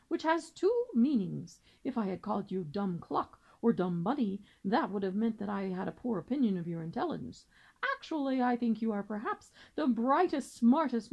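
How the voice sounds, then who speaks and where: A woman's voice: on the high side, gravelly, darkish tone, muffled recording. A woman reading aloud and voicing a pompous, long-winded male father swan who lectures formally.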